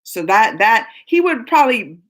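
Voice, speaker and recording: A woman's voice: a little high, big pitch swings, normal speed. A woman hosting a casual live stream, chatting and rambling to viewers, laughing often. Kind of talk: casual live chat reading viewer comments.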